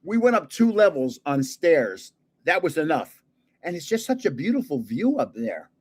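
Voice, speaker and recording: A man's voice: a little high, very animated, normal speed, husky. A man in his seventies hosting a casual livestream, rambling, chuckling often and trailing off while searching for words. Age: 70s. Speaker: livestream host.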